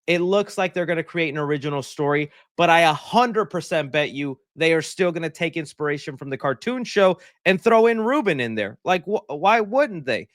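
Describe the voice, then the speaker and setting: A man hosting a livestream, talking in a rambling, joking, animated way at his desk mic. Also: a little high, normal speed, hardly any pauses, dry recording, clean studio sound. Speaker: livestream host. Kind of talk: casual livestream chat.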